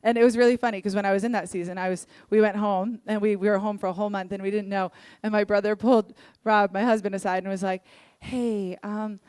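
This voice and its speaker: A young adult woman leading worship, telling personal stories in an earnest, candid sermon and acting out what people said in lively voices. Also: mid-range voice, fast talker, few pauses, clear, resonant tone, dry recording. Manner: earnest, candid storytelling with lively acted-out quotes. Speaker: worship leader.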